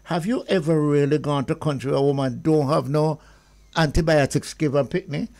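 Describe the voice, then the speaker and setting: Older Jamaican man, gravelly storyteller. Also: on the high side, fairly quick. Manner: animated anecdotal storyteller, slipping into patois. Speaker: guest. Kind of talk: storytelling radio chat.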